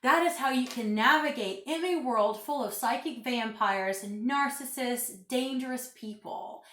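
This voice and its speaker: A woman's voice: on the high side, a little slow, a bit bright, echoey room. A woman giving an emphatic, preachy spiritual vlog talk into her phone, repeating phrases for stress. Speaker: spiritual vlogger. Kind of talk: casual vlog monologue.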